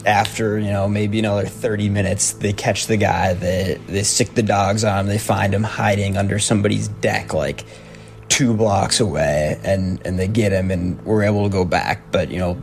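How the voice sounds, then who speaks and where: A young man telling a personal story in a halting way, with nervous laughs. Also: fairly low pitch, fairly even intonation, vocal fry, soft background music.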